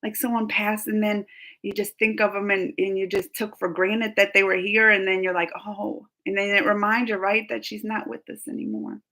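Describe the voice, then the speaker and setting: A woman's voice: mid-range voice, level tone, moderate pace, pushed and bright. A woman hosting a casual live chat, rambling and laughing often as she answers her viewers. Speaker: livestream host reading chat.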